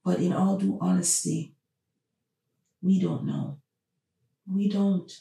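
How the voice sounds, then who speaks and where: A woman's voice: fairly low pitch, steady tone, slow, creaky, mellow. A woman hosting a podcast, talking through her opinions with emphatic, repeated rhetorical questions. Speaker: podcast host. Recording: roomy, distant from the mic.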